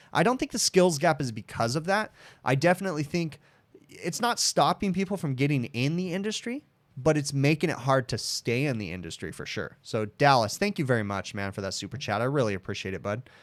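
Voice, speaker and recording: Another stretch of the HVAC tech's livestream Q and A finds the man in his thirties talking fairly quickly in an animated, mid-range voice. He answers viewers' questions with frank, chatty ease, addressing them as "dude" and "bud."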